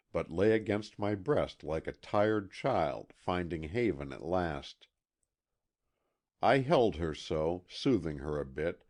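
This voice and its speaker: Deep, slow, expressive male audiobook narrator. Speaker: audiobook reader. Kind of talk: scripted narration of a classic mystery novel.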